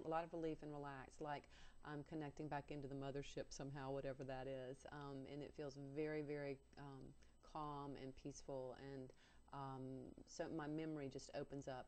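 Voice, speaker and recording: A woman's voice: rumbling low, darkish tone. A woman guest telling a personal story on a talk show, earnest and candid with self-mocking humor.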